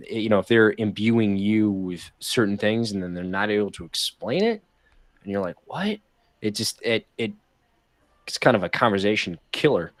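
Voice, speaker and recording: A man with a low voice gives thoughtful, measured replies on a casual podcast. The recording sounds dry and close, with no room around him. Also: dry recording.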